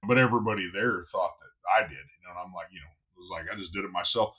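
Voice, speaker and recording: A man who is a barbecue pitmaster, guesting on a podcast and telling stories in a blunt, animated way, swearing freely. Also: low voice, fast talker, slightly rough, phone-quality sound. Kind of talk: casual podcast storytelling.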